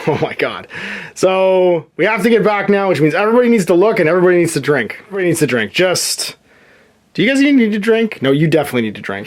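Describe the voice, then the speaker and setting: Guy talking thru his board game turn, kinda high voice, lots of ups and downs, counting squares out loud. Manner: lively, counting moves aloud, chuckling to himself. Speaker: host playing a solo board game. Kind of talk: casual game commentary.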